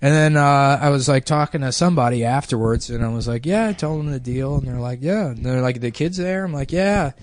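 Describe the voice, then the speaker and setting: A man in his thirties telling a long story in casual podcast chat, deadpan and offhand, full of fillers. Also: mid-range voice, a little fast, few pauses.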